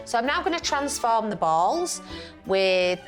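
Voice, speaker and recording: A woman's voice: fairly high pitch, very animated, a little slow, soft background music. A woman chatting cheerfully as she cooks and serves a dinner party. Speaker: home cook hosting a dinner party. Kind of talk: casual chat while cooking.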